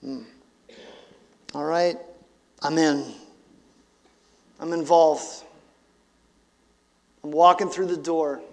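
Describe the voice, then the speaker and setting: A pastor in his forties preaches with a high, bright-edged voice, moving between casual asides and emphatic bursts. His words ring out with a long reverb trailing behind them in the hall. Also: fairly even intonation, drawn-out words, gravelly, long pauses. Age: 40s. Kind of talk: sermon.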